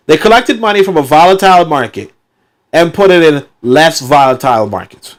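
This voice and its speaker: A man reading a book aloud and breaking off into animated, sarcastic commentary. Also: fairly high pitch, a little fast. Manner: animated, sarcastic asides, many fillers.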